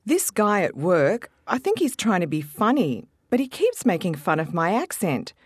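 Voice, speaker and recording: A woman with an Australian accent performing a scripted dialogue for language learners, talking clearly and earnestly. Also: mid-range voice, very animated, moderate pace, no room sound, studio quality. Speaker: textbook dialogue speaker.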